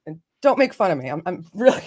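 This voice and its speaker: A woman's voice: on the low side, big pitch swings, fairly quick, darkish tone. A woman hosting a casual live stream, chatty and self-joking, laughing often and greeting viewers by name. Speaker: livestream host.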